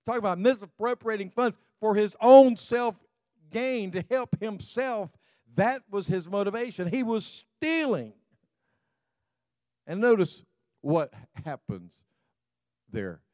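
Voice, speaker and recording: A male pastor delivering a sermon in a loose, chatty manner, scattering "you know" through his sentences. His voice sits fairly high for a man and sounds dry and close, with no room echo. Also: sing-song, a little mellow. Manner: conversational, full of "you know" and quick laughs.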